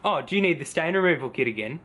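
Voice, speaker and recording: A man voicing a crude, washed-up former internet star who lives in a shed, speaking with an Australian accent and gruff, theatrical outbursts. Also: fairly high pitch, lively intonation, fast talker, sharp tone. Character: washed-up hermit ex-YouTuber man living in a shed.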